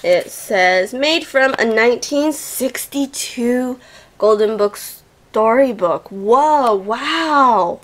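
A woman's voice: on the high side, expressive, drawn-out words. A young woman hosting a toy channel, gushing and giggling as she unboxes a package at home on camera. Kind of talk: excited unboxing chat.

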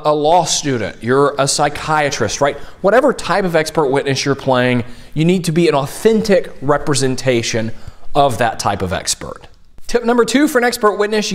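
A man from Tennessee coaching mock trial students in a conversational teaching style, often checking in with "right?". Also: on the high side. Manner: conversational, keeps asking "right?". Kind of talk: instructional video talk.

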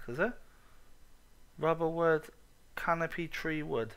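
A man with an excitable, sweary, self-mocking manner, giving let's play commentary on his own game. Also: medium pitch, moderate pace, pauses often. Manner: excitable, swears a lot, laughs at himself. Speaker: gaming channel host.

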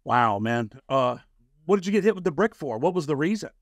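A man's voice: a little high, lively intonation, brisk, dry recording. Blunt male interviewer, dry sound. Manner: direct, blunt questions. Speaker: interviewer host. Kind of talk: casual interview.

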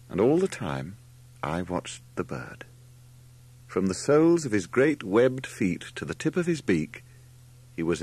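A man reading an audiobook aloud as narrator, with expressive, wry storytelling. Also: low-pitched, husky. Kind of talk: scripted narration.

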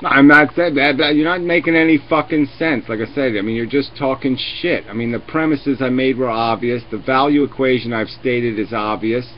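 A man's voice: mid-range voice, fairly even intonation, brisk, few pauses, slight background noise. A man hosting a live video chat, ranting and swearing sarcastically as he argues with callers. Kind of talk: heated live debate. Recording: lo-fi webcam stream audio.

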